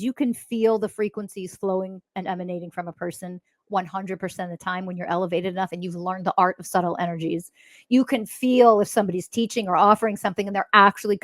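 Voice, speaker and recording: A woman's voice: medium pitch, dry recording. A woman hosting a spiritual podcast, talking in a blunt, profane, mocking monologue. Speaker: podcast host.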